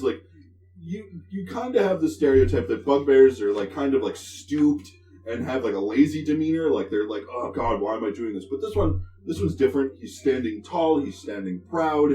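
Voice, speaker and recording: A man's voice: mid-range voice, animated, moderate pace, warm tone. A man running a tabletop game as game master, narrating in a casual, profane, rambling way with lots of fillers. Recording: distant, echoey room mic.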